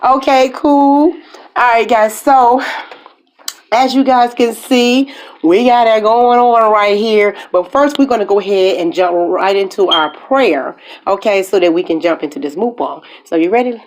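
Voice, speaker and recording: A woman hosting an eating video, chatting casually to her viewers in an upbeat, drawn-out way. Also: medium pitch. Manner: upbeat, drawn-out phrases with a lot of "okay, guys". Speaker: mukbang host. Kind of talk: casual chat to camera.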